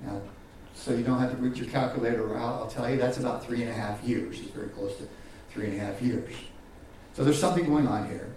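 A pastor preaching a sermon, often repeating words and swinging from loud highs to quiet lows. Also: male voice, a little fast, slight background noise. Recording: echoey hall from far off.

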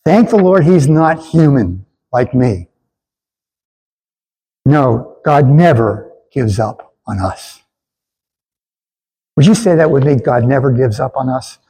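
A man's voice: medium pitch, animated, slow, long pauses, warm tone, slightly rough, rough recording. A man preaching a sermon in an earnest way, with stammered restarts, and he asks the congregation to repeat lines after him. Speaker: pastor.

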